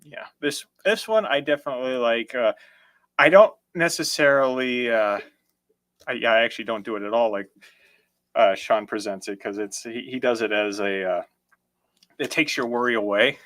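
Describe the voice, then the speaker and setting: A man's voice: mid-range voice, normal speed, a bit bright, no echo. A man co-hosting a casual chat show about magic, who rambles, restarts his sentences and laughs easily. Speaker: podcast co-host.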